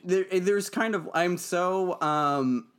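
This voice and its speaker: A man's voice: high-pitched, slow, fairly bright tone, clean tone. A young man co-hosting a casual film podcast, rambling eagerly with many restarts and fillers. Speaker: podcast co-host.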